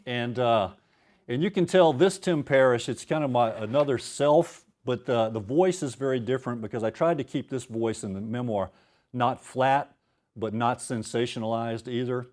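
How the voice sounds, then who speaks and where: A man's voice: medium pitch, normal speed, darkish tone. A man in his fifties, an author at a university event, chatting casually with self-deprecating asides before reading his prose aloud.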